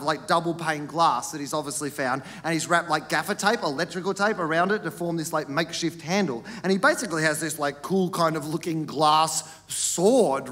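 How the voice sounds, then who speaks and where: A man with an Australian accent performing a stand-up comedy set, telling a story animatedly and acting out the people in it. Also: in a large hall. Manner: animated storytelling, acts out characters with big pitch jumps. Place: comedy stage before a live audience.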